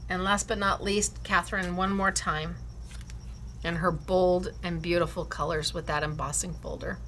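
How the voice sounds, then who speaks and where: A woman's voice: fairly low pitch, fairly even intonation, normal speed, a bit bright, a little hiss or hum. A woman hosting a scrapbooking class, enthusiastically showing and praising her students' cards and laughing often. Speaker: craft class host.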